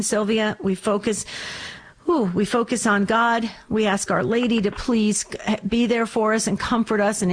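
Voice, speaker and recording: A woman hosting a call-in radio show, encouraging and comforting callers and addressing them by name. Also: medium pitch. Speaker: radio host.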